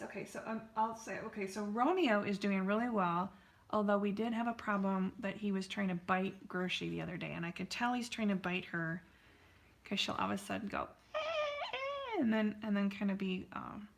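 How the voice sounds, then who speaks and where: A woman's voice: medium pitch, creaky, slight background noise. A woman artist hosting a live painting stream, chatting casually and answering viewers' comments with lots of fillers.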